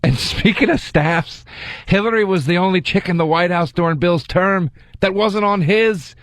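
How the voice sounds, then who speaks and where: A man's voice: high-pitched, moderate pace, a bit bright, dry recording, studio quality, voice pushed up. A man putting on an impression of a late-night host reading monologue jokes. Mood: smug.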